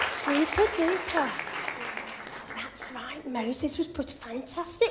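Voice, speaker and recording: Bright high-voiced lady, chatty church talk, bit out of breath, praises the kids. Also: a little slow, some chatter behind. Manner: cheery, encouraging, chatty with children. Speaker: church speaker leading a children's quiz and talk.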